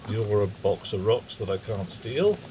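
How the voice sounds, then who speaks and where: A man's voice: on the low side, animated, moderate pace, dark tone, a little hiss or hum. A man streaming a game live, rambling through wry, chatty asides to his viewers. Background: game music.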